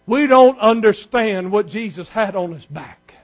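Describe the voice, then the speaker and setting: A preacher delivering a fervent sermon in a strikingly high voice. He builds from steady scripture reading into shouting emphasis. The recording is dull and lo-fi. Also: a little slow, few pauses.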